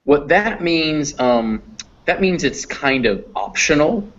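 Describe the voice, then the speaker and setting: A man's voice: a little high, sing-song, slow pace, a bit bright. Patient man teaching pronunciation, lo-fi. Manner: patient, explains step by step. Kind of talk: online class teaching. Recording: dull lo-fi audio.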